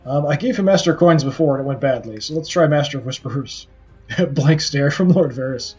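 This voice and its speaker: Lively man reading game text aloud. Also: fairly high pitch, a little fast. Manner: reads game text aloud and makes offhand comments. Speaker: gaming streamer. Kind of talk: game playthrough commentary. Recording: slightly muffled, with game music.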